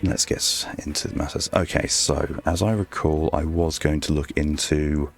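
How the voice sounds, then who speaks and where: A man streaming his art, talking softly in an ASMR-style murmur right on a close microphone, rambling to himself as he draws. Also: extremely low pitch, steady tone, moderate pace, gravelly. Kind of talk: soft ASMR-style stream chat while drawing. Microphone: very close desk microphone. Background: faint background music.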